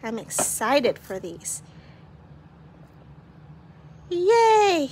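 A young woman vlogging casually at home, bubbly and giggly as she talks excitedly. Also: high-pitched, drawn-out words. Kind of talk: casual unboxing vlog.

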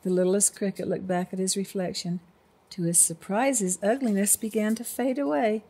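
Older grandma reading a storybook. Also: female voice, medium pitch, fairly even intonation, normal speed, warm tone, breathy edge.

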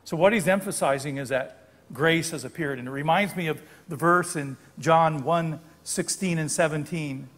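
In a spacious church sanctuary, an older guest preacher speaks with a somewhat high, fairly bright voice at a moderate pace. His sermon unpacks scripture in a chatty, explanatory way, punctuated by occasional self-corrections.

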